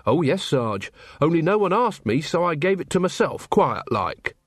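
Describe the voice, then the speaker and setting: Man playing an earnest eager young corporal, polite, helpful, lifted pitch. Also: big pitch swings, moderate pace, dry recording, clean studio sound.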